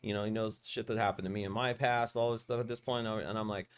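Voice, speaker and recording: Male podcast host, fast and loose, lower pitch, profane and animated storyteller. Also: clear, resonant tone. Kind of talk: casual storytelling interview.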